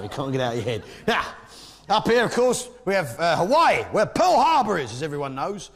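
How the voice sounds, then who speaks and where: A man's voice: fairly high pitch, wildly swooping pitch, fairly quick, a bit bright. A man with a British accent doing a blustering stand-up comedy routine, joking with the crowd. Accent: British English. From Britain. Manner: brash, blustering, jokes with the crowd.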